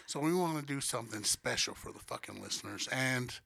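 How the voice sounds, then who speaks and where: A man's voice: medium pitch, expressive, brisk, gravelly, sharp tone, slightly rough. A man hosting a podcast, telling a story in casual chat, cursing freely and acting out quotes with animation. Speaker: podcast host.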